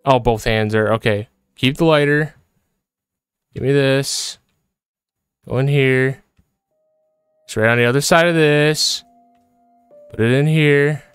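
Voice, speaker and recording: A man's voice: medium pitch, takes it slowly, long pauses, fairly bright tone, clear, resonant tone, dry recording, clean studio sound, faint music behind. A man commenting as he plays a horror game, jittery and repeating himself, breaking into frightened yelps. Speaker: gaming video creator.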